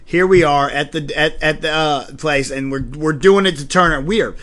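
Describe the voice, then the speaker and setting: A man co-hosting a casual TV review podcast, animated and acting out scenes in silly voices. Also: on the high side, normal speed. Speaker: podcast co-host.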